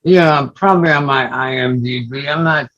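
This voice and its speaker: An older man, an actor and guest, talking in a low-key, halting way with many pauses in a casual interview. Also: fairly bright tone, highs cut off.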